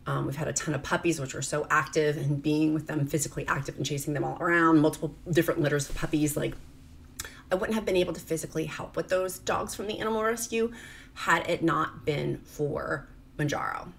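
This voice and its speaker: A woman's voice: sits low, steady tone, brisk, gravelly. A middle-aged woman from rural Virginia, crying as she talks in a rambling, confessional vlog. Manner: tearful, confessional, rambling with many "like"s. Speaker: vlogger. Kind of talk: emotional personal vlog.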